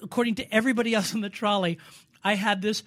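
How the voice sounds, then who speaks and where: A stage actor in his sixties, a guest in a casual interview, tells animated stories and performs the voices of the people he quotes. His voice sits high and he talks quickly.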